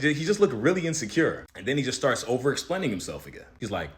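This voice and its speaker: A man speaking quickly in a motivational monologue. His pitch rises and falls a lot as he tells his story. He sounds like a casual storyteller giving life advice. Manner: animated, conversational storytelling with advice to listeners.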